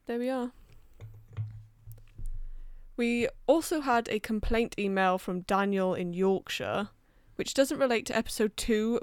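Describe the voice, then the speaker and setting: A woman's voice: medium pitch, clean tone, no echo, studio quality. A young woman in her twenties co-hosting a podcast, talking bluntly and swearing freely in casual chat. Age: 20s. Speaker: podcast co-host.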